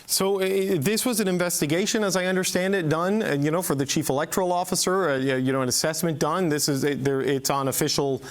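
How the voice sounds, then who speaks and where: A man interviewing a political candidate, asking skeptical questions in a hesitant, halting way with many fillers. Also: fairly high pitch, steady tone.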